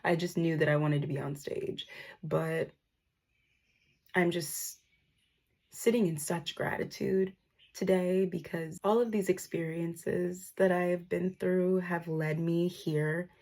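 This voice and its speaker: A young woman speaks to camera in a casual personal vlog. Her voice is low, gravelly and breathy. She sounds grateful and moved, and at times she holds back tears. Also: steady tone, slow, a little mellow. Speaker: vlogger.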